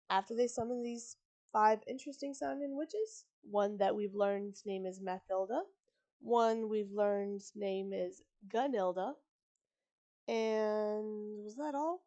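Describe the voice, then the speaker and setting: A woman's voice: mid-range voice, takes it slowly, long pauses, warm tone. Chatty woman reading a story aloud. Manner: chatty, digressive, self-correcting. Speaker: live-stream story reader. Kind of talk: reading a book aloud with casual commentary.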